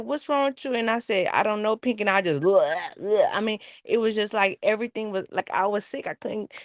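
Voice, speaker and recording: A woman's voice: medium pitch, dry recording, clean studio sound. A woman, co-hosting a casual late-night chat and acting out the people she quotes as she tells a story. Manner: animated storyteller, acts out quotes. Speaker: podcast co-host.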